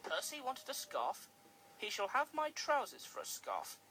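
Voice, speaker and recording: A narrator playing a pompous railway boss, loud and scolding. He speaks slowly and with emphasis, in a bright, forceful tone. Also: high-pitched, huge pitch swings, slight background noise, pitched above the performer's own voice, heavily acted. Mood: cross scolding.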